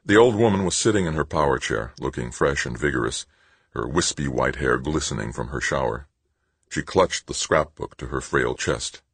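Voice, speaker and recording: Deep, husky male audiobook narrator, measured and dry. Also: lively intonation, no echo. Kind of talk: scripted narration.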